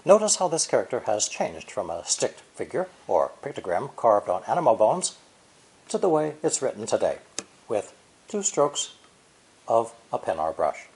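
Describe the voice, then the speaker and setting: A man narrating a scripted language lesson in a measured, explanatory way. His pitch sits in an ordinary middle range but moves up and down a great deal. He pauses to repeat sample syllables slowly. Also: sing-song, a little mellow. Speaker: language teacher.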